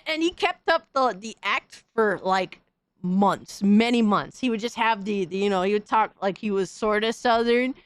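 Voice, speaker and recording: A woman's voice: a little high, no room sound. A woman hosting a podcast, delivering a heated, profane, slang-filled rant in casual commentary. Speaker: podcast host.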